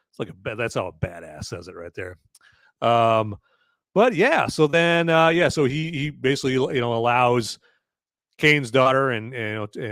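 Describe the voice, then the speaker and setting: Animated, rambling male film podcaster. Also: mid-range voice, no room sound. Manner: rambling, animated, jokey, swears. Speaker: podcast host reviewing a film. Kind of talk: casual live-stream chat.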